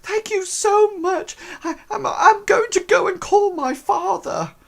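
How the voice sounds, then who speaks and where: A man voicing a slight, emotional young woman in a tabletop game, pitching his voice high with a breathy squeal. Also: slow, heavily acted. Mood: grateful. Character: slight young woman, tearful then overjoyed.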